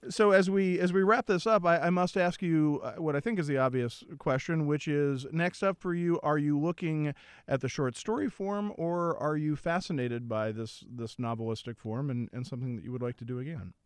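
A man hosting a radio book program, asking questions and signing off in a measured, courteous way. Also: a little high, clear, resonant tone, dry recording, clean studio sound. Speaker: radio book show host. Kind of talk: radio interview and sign-off.

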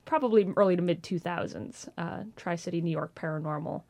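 A woman in her thirties, a ghost tour guide, telling stories in an animated way and acting out gasps and quotes in an interview. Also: lowish voice, fairly quick. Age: 30s. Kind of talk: storytelling interview.

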